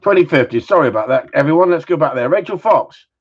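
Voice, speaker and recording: A man's voice: a little high, animated, fast, husky. A man hosting a casual live-stream Q&A from home, rambling and joking with mild swearing. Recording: slightly dull lo-fi sound.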